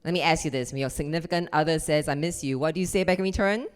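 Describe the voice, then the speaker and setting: A woman's voice: low-pitched, very fast, clean tone, in a large hall. A woman comedian doing a stand-up set on a club stage, acting out voices and chatting with the crowd. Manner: animated, acts out voices, chats with the crowd.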